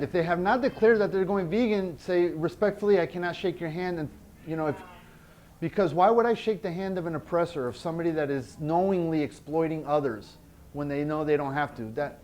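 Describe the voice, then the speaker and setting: A man's voice: fairly high pitch, fairly quick, a little mellow, a little hiss or hum. Blunt, emphatic male workshop instructor. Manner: blunt, emphatic, repeats key points. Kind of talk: teaching an outreach workshop.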